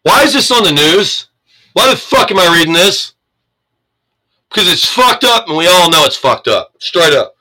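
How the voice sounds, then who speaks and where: A man's voice: sits high, sing-song, normal speed, bright, forceful tone, low-quality recording. A man from the United States ranting angrily and sarcastically, swearing as he reacts to the news he reads. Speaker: commentator reading the news. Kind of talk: profane political rant.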